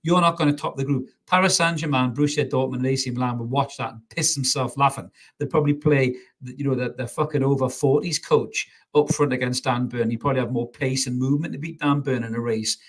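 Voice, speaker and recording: A man's voice: medium pitch, fairly even intonation, fast talker, hardly any pauses. Bloke on a live stream, fed up and swearing, blunt rant about his team. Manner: angry, blunt, swearing, reads out viewer comments. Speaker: football fan channel host. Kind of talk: live match reaction rant.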